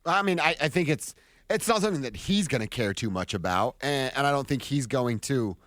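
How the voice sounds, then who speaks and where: A man's voice: mid-range voice, animated, a little fast, fairly bright tone, no echo. A man co-hosting a sports radio show in a studio, easygoing and conversational, with plenty of filler words. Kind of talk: casual sports talk radio. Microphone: studio microphone.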